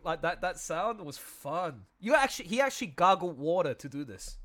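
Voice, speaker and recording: A man directing an audio drama, chatting excitedly on a livestream about his show and acting out lines in playful voices. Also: high-pitched, normal speed. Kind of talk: casual livestream commentary.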